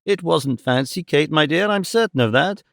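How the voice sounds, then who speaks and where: A man's voice: a little high, animated, moderate pace, creaky, a bit bright, no room sound, studio quality. A man voicing a fussy, scatterbrained middle-aged mother who talks emphatically and exclaims often.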